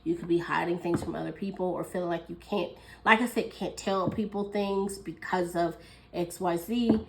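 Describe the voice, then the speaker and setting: A woman's voice: lowish voice, fairly even intonation, moderate pace, creaky, a little hiss or hum, poor audio. A woman giving a casual tarot reading, chatty and thinking aloud, with fillers and frequent small laughs. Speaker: tarot reader.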